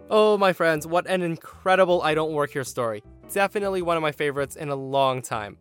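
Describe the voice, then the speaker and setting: A man narrating a podcast story with wry, theatrical timing. His voice sits a little high for a man, with soft music faintly behind him. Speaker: podcast host.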